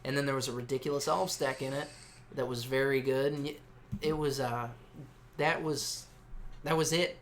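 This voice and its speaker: A man's voice: mid-range voice, fairly even intonation, moderate pace, pauses often, slight background noise. A man in his twenties co-hosting a casual gaming chat, rambling and swearing freely. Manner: rambling, swears often, many fillers. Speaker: co-host.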